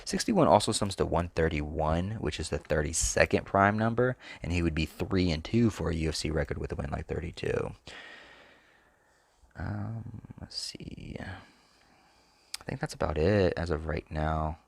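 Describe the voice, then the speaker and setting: On his sports picks channel, a man with a low-pitched, creaky voice talks unhurriedly, recorded with no room sound. It's casual solo commentary full of thinking out loud, hesitation, and unfinished thoughts.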